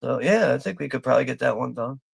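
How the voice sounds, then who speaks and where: Man from Philadelphia, profane rambling watch-party host, very gravelly, dry sound. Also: medium pitch, lively intonation, fast talker, no room sound. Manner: profane, rambling, laughing often. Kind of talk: casual live commentary.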